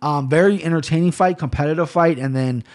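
A man hosting a solo podcast, talking casually in an animated, profane, rambling way. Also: a little high, brisk. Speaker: podcast host.

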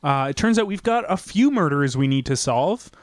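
A man hosting an improv comedy podcast, asking playful deadpan questions. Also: a little high, normal speed, dry recording, clean studio sound. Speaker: podcast host.

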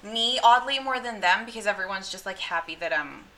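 A woman's voice: medium pitch, expressive, fairly quick, sharp tone, rough recording. A woman hosting a casual podcast, chatting about her life, swearing casually and trailing off into restarts. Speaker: podcast host. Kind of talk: casual chat.

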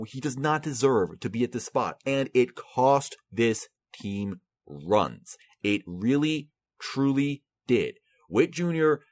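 A man hosting a solo sports podcast, talking animatedly, often restarting and repeating himself. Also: mid-range voice. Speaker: podcast host.

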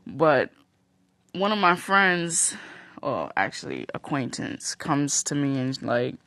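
A woman's voice: low-pitched, sing-song, slow, fairly bright tone, no room sound. Woman vlogger, casual storytime, rambling, swears a lot, dry close sound. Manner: rambling and profane, full of "like" and "you know".

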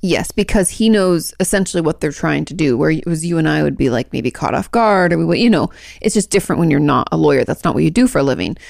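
A young woman co-hosts a casual podcast, her voice low with a gravelly fry. She rambles cheerfully through stories, full of fillers and asides. The sound is dry and close. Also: animated, fast, hardly any pauses, darkish tone, dry recording. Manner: chatty, rambling storyteller with lots of fillers. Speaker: podcast co-host. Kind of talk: casual chat.

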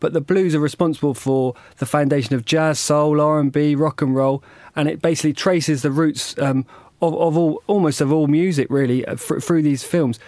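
A man's voice: a little high, fairly even intonation, normal speed, a little mellow, no room sound. A man co-hosting a radio show, easygoing and informative, a little rambling. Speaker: radio co-host. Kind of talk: casual chat.

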